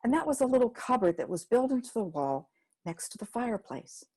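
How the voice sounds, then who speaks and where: Woman storyteller, unhurried homespun telling, mellow husky voice. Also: a little high, big pitch swings. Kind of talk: told folk story.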